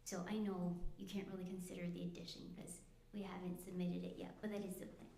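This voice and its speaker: A woman's voice: on the low side, flat delivery, fast. Breathless young woman speaking to a committee. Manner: apologetic, hesitant, plain-spoken. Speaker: applicant addressing a committee. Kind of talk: informal explanation at a public meeting. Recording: echoey meeting room with faint noise.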